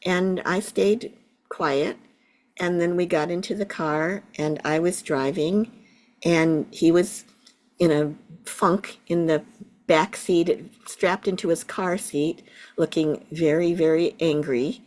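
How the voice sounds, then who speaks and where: A middle-aged woman, a Buddhist teacher, gently telling a personal story in an interview. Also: fairly low pitch, fairly even intonation. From United States. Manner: slow, gentle, reflective storytelling.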